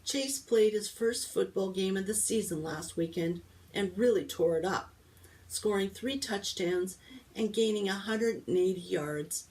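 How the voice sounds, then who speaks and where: A woman reads a children's novel aloud as a storybook read-aloud, with lively first-person narration. Her pitch is ordinary for a woman. The mic sits a little away from her. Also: unhurried, recorded from a distance, poor audio. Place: library.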